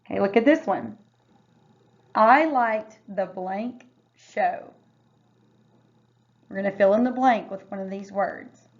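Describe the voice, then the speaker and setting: A woman teacher walks young readers through a phonics lesson. She speaks at an unhurried pace and sounds out each word piece by piece. The recording is a little dull and lo-fi. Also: mid-range voice. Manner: slow, careful word-by-word sounding out.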